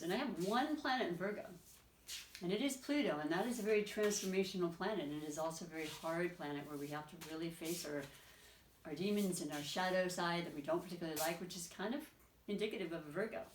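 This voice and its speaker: A woman's voice: lowish voice, quick pace, roomy sound, slight background noise. Effusive woman giving a rambling tarot reading. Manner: rambling and effusive, with many restarts. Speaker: tarot reader. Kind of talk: casual spoken tarot reading.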